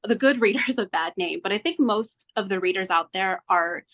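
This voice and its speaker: A woman being interviewed as a tarot reader, telling her story in an earnest, animated way and acting out her own past thoughts. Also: mid-range voice, moderate pace. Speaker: tarot reader, podcast guest.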